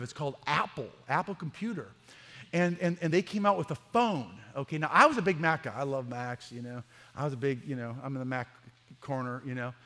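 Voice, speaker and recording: Pastor, male, high sharp voice, animated storyteller, long echo of a church hall. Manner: animated, acts out dialogue in the stories. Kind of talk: humorous sermon storytelling.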